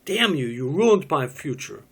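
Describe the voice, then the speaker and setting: A man voicing a shrill, bitter pregnant young woman. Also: very animated, a little slow, gravelly, breathy edge, heavily acted. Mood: anguished. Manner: shrill, loud, exasperated outbursts. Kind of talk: cold reading of a stage play.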